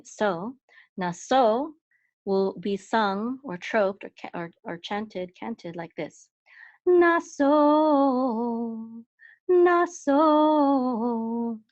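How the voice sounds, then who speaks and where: A woman teaching a language lesson in a patient, explanatory way, pausing often with fillers and restarts. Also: fairly low pitch, no room sound, lo-fi sound. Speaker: Hebrew and trope teacher, podcast host.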